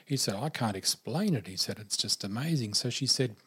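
An older man telling a personal story, lively and acting out the voices of the people in it. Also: mid-range voice, fairly quick, husky. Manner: animated, acts out quoted voices.

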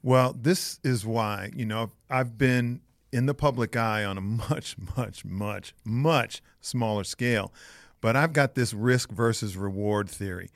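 A man's voice: fairly low pitch, unhurried, no room sound, clean studio sound. Laid-back man co-hosting a sports podcast. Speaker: podcast co-host, former player. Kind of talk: casual sports podcast chat.

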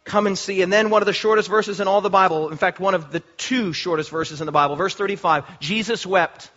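A pastor preaches an impassioned sermon in a very high, bright, forceful voice. He slows down and repeats phrases to make his point land, and the recording is dull and lo-fi.

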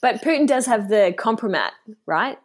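A woman's voice: fairly high pitch, animated, moderate pace. Woman podcast co-host chatting. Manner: conversational storyteller, reacting with short remarks. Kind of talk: casual chat.

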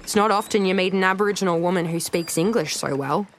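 A woman's voice: fairly low pitch, fast, close to an everyday voice. A woman voicing a chatty male shopkeeper who talks in a matter-of-fact way in a storybook reading. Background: soft music.

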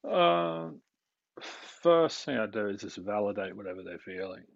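A man, a mental health practitioner explaining his work in a calm, steady way during a podcast interview. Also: fairly low pitch, moderate pace, vocal fry, dry recording. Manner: calm, explanatory, with light laughs. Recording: dry, dull lo-fi recording.

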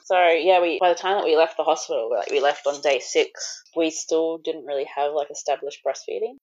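A woman's voice: sits low, steady tone, a little fast, darkish tone, highs cut off. A woman being interviewed about the birth of her daughter, speaking candidly with lots of "like" and the odd swear word. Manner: candid, full of "like", swears now and then. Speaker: guest. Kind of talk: recounting a personal birth story.

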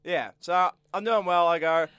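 A young Australian man co-hosting a podcast, telling a story in lively banter and laughing between lines. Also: sits high, a little slow, clear, resonant tone, no room sound, studio quality. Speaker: podcast co-host. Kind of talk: casual storytelling chat.

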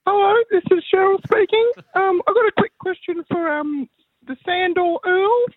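A man's voice: very high voice, steady tone, moderate pace, no room sound. A man putting on a woman's voice as a giggly prank caller, hesitant and full of ums over a phone line. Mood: teasing. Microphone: phone call.

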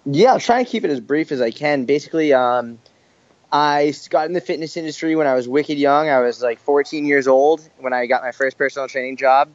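A man's voice: mid-range voice, fairly quick, dry recording. Casual man, dull dry audio. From Boston, USA. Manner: energetic, casual, says "like" a lot. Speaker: fitness coach, guest. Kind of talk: casual interview chat.

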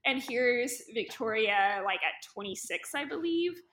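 A woman's voice: fairly high pitch, lively intonation, unhurried, a bit bright. A woman co-hosting a podcast in casual chat, chatty and full of "like" fillers. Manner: chatty, many "like" fillers, acts out quotes. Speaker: podcast co-host. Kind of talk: casual chat recapping a TV show.

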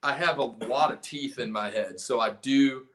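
A South Carolina punk singer and guitarist chats casually as a podcast guest, telling a rambling, profane story with many restarts. His voice is mid-range and a bit bright, at a moderate pace.

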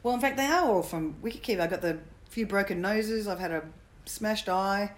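A middle-aged woman, a former cricketer, telling jokey stories in a casual interview. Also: medium pitch. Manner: quick, jokey anecdotal storytelling. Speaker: guest, former cricketer and coach.

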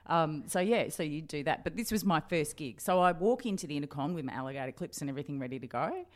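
Brief: middle-aged Australian woman, low voice, lively anecdotes, laughs a lot. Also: quick pace. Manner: animated, laughing, acts out past dialogue. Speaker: guest journalist. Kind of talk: storytelling interview.

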